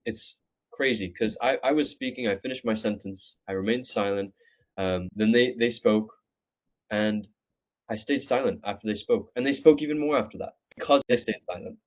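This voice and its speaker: A man with a fairly low voice speaks in casual conversation, halting often as he searches for words. The recording is muffled and lo-fi. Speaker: student guest. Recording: dull lo-fi audio.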